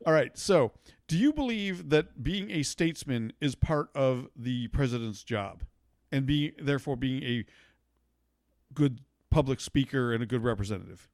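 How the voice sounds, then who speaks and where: A man's voice: medium pitch, animated, normal speed, a little mellow, no echo, clean studio sound. A man hosting a podcast, debating casually, stammering through restarts and swearing as he gets worked up. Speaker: podcast host.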